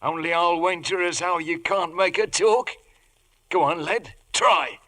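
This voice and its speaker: An actor playing a hearty, scheming one-legged pirate cook with a gravelly seafaring brogue in a 1950s radio drama. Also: male voice, high voice, unhurried, bright, forceful tone. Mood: wheedling.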